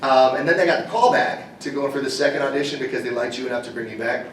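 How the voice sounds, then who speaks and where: A man voice actor answering fan questions on a convention panel, an animated storyteller who cracks jokes. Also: medium pitch, slight background noise. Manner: animated storyteller, quick jokes, slips into impressions. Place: convention hall. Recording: echoey hall, mic far off.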